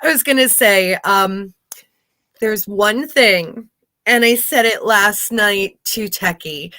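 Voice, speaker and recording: A woman co-hosting a podcast, chatting casually, emphatic and quick to laugh. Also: mid-range voice, sharp tone, no room sound. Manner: giggly, emphatic. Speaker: podcast co-host. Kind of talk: casual chat.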